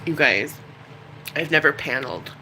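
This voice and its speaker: A woman's voice: sits low, animated, normal speed, bright, forceful tone, slight background noise, rough recording. A middle-aged woman chatting casually and candidly on a live stream, rambling and emotional. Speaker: YouTuber.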